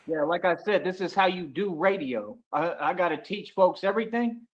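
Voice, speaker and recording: A man's voice: high-pitched, lively intonation, normal speed, dull audio. A man from the United States hosting a casual livestream monologue, boastful and swaggering, looping back with "like I said" over and over. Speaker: livestream host.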